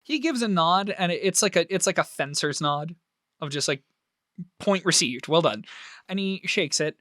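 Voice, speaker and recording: Animated man narrating a tabletop game. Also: high-pitched, moderate pace, dry recording, studio quality. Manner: lively, animated storytelling. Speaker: game master.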